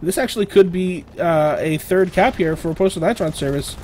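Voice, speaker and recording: A young man with a sore throat, casting a video game match alone in a rambling play-by-play full of fillers, often clearing his throat. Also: high voice, moderate pace, a little mellow, slight background noise. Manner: rambling, filler-heavy, lifts and speeds up on big plays. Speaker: esports caster. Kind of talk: solo play-by-play game commentary.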